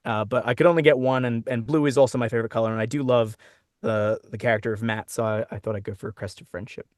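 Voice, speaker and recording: A man's voice: mid-range voice, dry recording. Chatty Australian man, dry close sound. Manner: chatty, self-interrupting, laughs easily. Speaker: guest voice actor. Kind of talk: casual interview chat. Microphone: own microphone.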